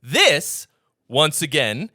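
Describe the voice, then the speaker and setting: A man's voice: a little high, wildly swooping pitch, extremely slow, sharp tone, no echo, clean studio sound. Blunt, profane man reviewing songs. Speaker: music reviewer and host. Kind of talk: casual reaction review.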